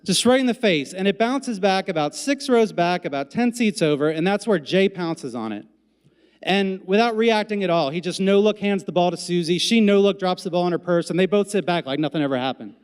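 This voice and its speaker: High-voiced man telling a comic story on stage. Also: brisk, smooth. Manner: comic, deadpan asides, acts out quoted voices. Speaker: storytelling event MC. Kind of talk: personal story told on stage. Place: stage in a hall before a live audience. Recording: live hall with long reverb.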